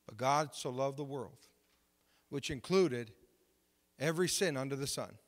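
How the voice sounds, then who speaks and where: A man preaching a sermon, telling testimony stories in an animated way and acting out the conversations. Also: mid-range voice, a little slow, in a large hall. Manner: animated, retells conversations with rising excitement. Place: church.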